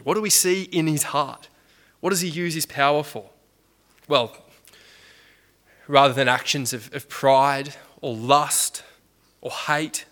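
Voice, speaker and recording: A man's voice: medium pitch, pushed and bright. A man preaching a sermon in a conversational way, with frequent restarts and rhetorical questions.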